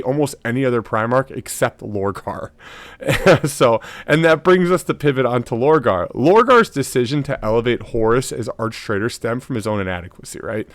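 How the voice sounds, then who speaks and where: Male lore host, mid-pitched voice, dry close sound, relaxed rambling delivery full of fillers. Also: no echo. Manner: loose, filler-heavy, with frequent tag questions. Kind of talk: casual commentary.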